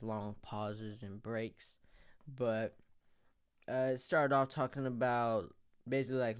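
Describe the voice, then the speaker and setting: A man's voice: medium pitch, clear, resonant tone. A young man giving a casual reflective check-in, rambling and hesitant, full of fillers and the odd swear. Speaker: vlogger.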